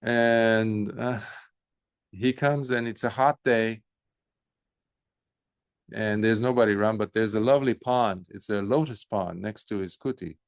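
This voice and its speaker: Brief: male monk teacher, relaxed unhurried talk, low, some vocal fry. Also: dry recording, studio quality. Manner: relaxed storytelling with fillers. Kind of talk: dharma talk.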